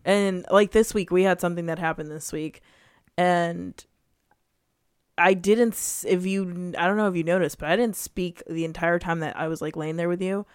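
Young woman, casual chat, earnest and emotional, smooth clear voice, dry close sound. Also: fairly low pitch, steady tone, no room sound. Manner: emotional, earnest, quick bursts of emphasis. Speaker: girlfriend in couple conversation.

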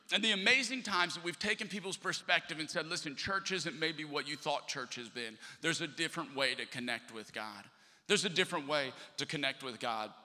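Bright-voiced joking pastor preaching. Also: male voice, on the high side. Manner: lively and joking, chatty asides to the congregation. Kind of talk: sermon. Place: church sanctuary. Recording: long hall reverb.

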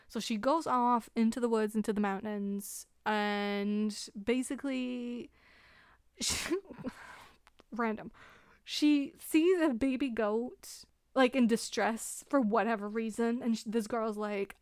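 A woman's voice: on the high side, slow pace, clear, resonant tone, dry recording. A woman hosting a podcast, recapping a book in casual chat with sarcasm and frequent laughter, close to the microphone. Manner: sarcastic, laughs often, animated retelling. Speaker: podcast host.

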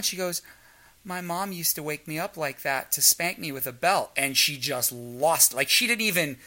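A man's voice: on the high side, lively intonation, moderate pace, sharp tone. A man telling a frank story in casual chat and acting out the dialogue as he goes. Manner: storytelling, acts out quoted dialogue.

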